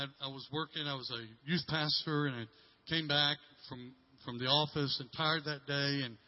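Preaching a sermon, this middle-aged pastor recounts a story in a somewhat high voice, often restarting and repeating himself. His volume shifts from forceful emphasis down to almost a whisper, all on a muffled, low-fidelity recording.

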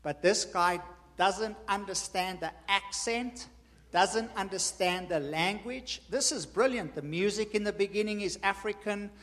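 A man's voice: sits high, unhurried, a bit bright. A man preaching a sermon in a church hall, with an emphatic style that repeats points for effect. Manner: emphatic, repetitive teaching cadence. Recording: reverberant hall.

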